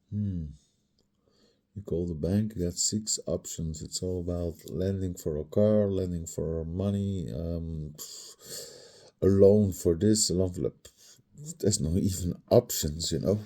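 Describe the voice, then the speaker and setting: A man's voice: deep voice, warm tone. A man in his fifties with a sore throat, rambling in a meandering personal monologue that drifts into mutters and whispers. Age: 50s. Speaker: vlogger.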